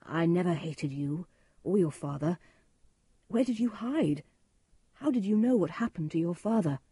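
Woman voicing stern righteous nobleman, firm, husky. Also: lowish voice, animated, moderate pace, mellow, no echo, clean studio sound.

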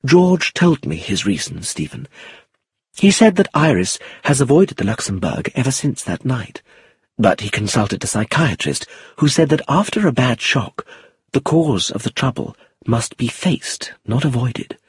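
A man voicing a composed, cool-headed upper-class wife in an audiobook, calm and measured. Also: medium pitch, breathy edge, dry recording, heavily acted. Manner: calm and measured, sometimes bitter. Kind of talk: audiobook character reading.

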